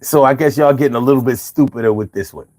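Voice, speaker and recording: A man's voice: medium pitch, fast talker, mellow. A man hosting a casual livestream and chatting with viewers, with slangy, profane, rambling speech full of repeats. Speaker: livestream host reading chat. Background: his own bongos and faint music.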